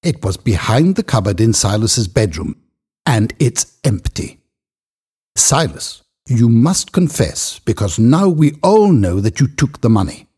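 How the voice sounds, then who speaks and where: A man voicing a treacherous friend who accuses curtly and triumphantly, in a husky voice. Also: mid-range voice, sing-song, unhurried, darkish tone. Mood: triumphant accusing. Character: treacherous male friend, cold and unpleasant.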